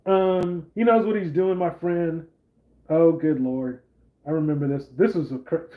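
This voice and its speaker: A man's voice: on the high side, fairly even intonation, measured pace, narrow, tinny audio. A man hosting a casual political commentary vlog, talking in a rambling, conversational way with lots of fillers. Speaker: channel host.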